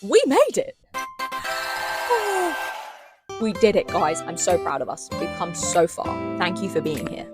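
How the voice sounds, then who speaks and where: A young woman giving a casual book review vlog, chatty and animated, with dramatic asides. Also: on the low side, slow, pauses often, over loud music.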